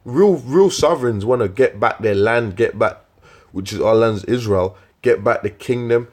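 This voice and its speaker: A man preaching scripture in a profane, scornful rant, with slang, repeated words and sudden loud outbursts. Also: mid-range voice, moderate pace. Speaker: street preacher.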